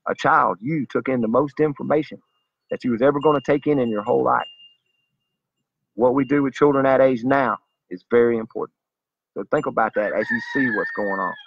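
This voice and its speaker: A man's voice: medium pitch, gravelly, slightly rough, dry recording. A man delivering a zealous, preachy monologue straight to his viewers in a slightly dull lo-fi recording. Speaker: vlogger. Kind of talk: earnest direct-to-camera monologue.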